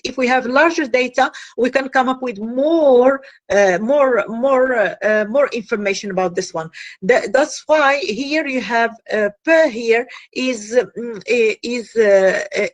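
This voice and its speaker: Halting woman lecturing on phonology. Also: on the high side. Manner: halting explanation, frequent "uh" and "that is", repeats key phrases. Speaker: linguistics teacher. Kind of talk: classroom lecture.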